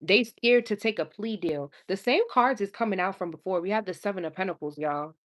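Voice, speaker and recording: A woman's voice: medium pitch, brisk. A young woman, a tarot reader chatting casually with her live-stream viewers, laughing often and talking in slang.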